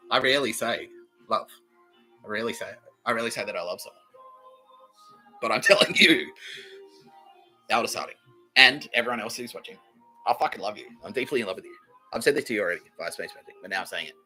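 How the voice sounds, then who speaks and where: Speaking straight to camera, a man hosts his own podcast in a solo monologue, rambling, swearing, and repeatedly contradicting himself. His medium-pitched voice comes across pushed and bright.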